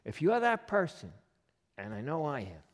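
A man pastor delivers a sermon with a lively, swooping voice that sits a little high for a man. He talks conversationally and keeps throwing rhetorical questions at the room. His voice rings out with a long reverb, as in a big church sanctuary. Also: moderate pace.

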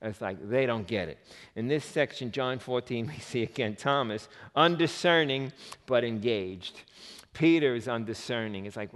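A man's voice: mid-range voice, moderate pace, a bit bright. Man preaching in a reverberant hall. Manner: acts out disciples' voices, jokes with audience. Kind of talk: sermon.

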